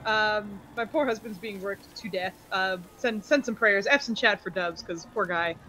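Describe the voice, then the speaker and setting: A woman's voice: mid-range voice, moderate pace, bright, forceful tone. A woman chatting bubbly as a player at a tabletop game. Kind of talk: casual chat at a tabletop game.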